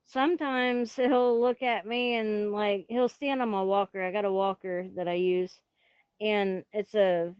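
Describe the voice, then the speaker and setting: A woman speaks slowly in a smooth, clear voice, pitched a little high, rambling and giggling as she chats on a stream and keeps turning to scold her cat. Her headset sound is dry and somewhat dull. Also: dry recording. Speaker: guest streamer. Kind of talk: casual chat.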